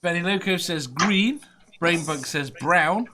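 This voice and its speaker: Bright higher-voiced guy hosting a quiz chat, laughs a lot, rambly. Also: measured pace, slight background noise. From Merseyside, England. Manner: chuckles often, loose and rambling. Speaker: quiz show host. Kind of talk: casual podcast chat.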